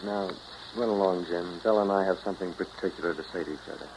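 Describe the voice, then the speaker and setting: A man's voice: sits low, fast, background noise. An actor in 1940s radio drama style playing a blunt, easygoing man who is an old friend and former lover. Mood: steady.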